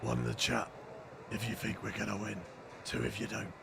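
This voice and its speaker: A man voicing a gruff, aged-up middle-aged man in a low, strained, gravelly voice while streaming a game. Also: little pitch movement, a little fast, noisy background. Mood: mock-serious.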